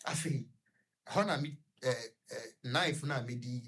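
Young Ghanaian man, husky, halting radio-guest storyteller who trips over repeated words. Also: mid-range voice, a bit bright. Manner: halting, with stuttered repetitions. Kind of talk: personal storytelling in conversation.

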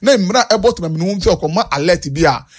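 Earnest high-voiced Ghanaian man. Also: expressive, fast talker, husky. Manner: earnest, repeats points, mixes Twi and English. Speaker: interviewee. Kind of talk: street interview on national issues.

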